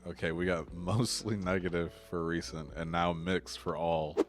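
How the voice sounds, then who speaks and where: Deep-voiced man in casual chat. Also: normal speed. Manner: laughs often, relaxed and rambling. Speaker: co-host of a gaming news show.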